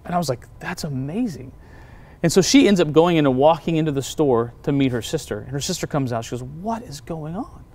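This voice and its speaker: A man, a pastor, telling personal testimony stories in a relaxed conversation, acting out the voices of the people he quotes. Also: a little high, fast talker. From United States.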